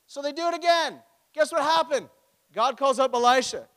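A man preaching a sermon, retelling a story with animated storytelling and acted-out quotes. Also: very high-pitched, normal speed, big-room sound.

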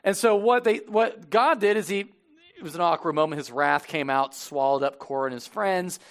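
A high-pitched middle-aged man delivers a sermon as lead pastor. He preaches casually and with animation, talking directly to the congregation in the church. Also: moderate pace. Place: church sanctuary.

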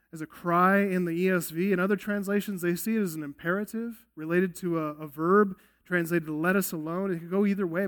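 A man with a notably high-pitched voice preaches to his congregation from a church sanctuary. His delivery is earnest and emphatic, and he keeps the room with him through rhetorical questions. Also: a bit bright. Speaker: pastor. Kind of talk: expository sermon.

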